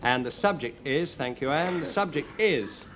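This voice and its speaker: A man hosting a live television comedy panel, briskly and wryly announcing the points. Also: on the high side, animated, a bit bright. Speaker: quiz host. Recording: 1960s TV studio with audience noise. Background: studio audience laughter.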